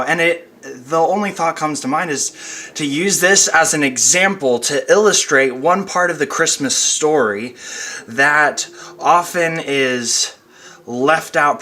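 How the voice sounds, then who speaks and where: Young male pastor, chatty at-home devotional talk, bright voice, middle pitch. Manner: chatty, with fillers and light laughs. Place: at home, wind outside.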